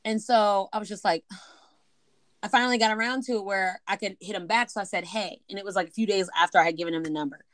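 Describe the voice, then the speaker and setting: A woman co-hosting a podcast, telling a story in casual chat, animated and swearing freely as she acts out the other people in it. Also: medium pitch, fast, no echo. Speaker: podcast co-host.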